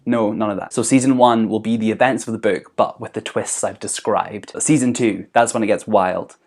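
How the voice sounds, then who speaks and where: A young man riffs through a comic monologue from his bedroom, rambling and playful with constant "like"s. His voice sits on the lower side. He talks as a vlogger to his camera. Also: fairly even intonation, normal speed, a little mellow. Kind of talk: comedic monologue.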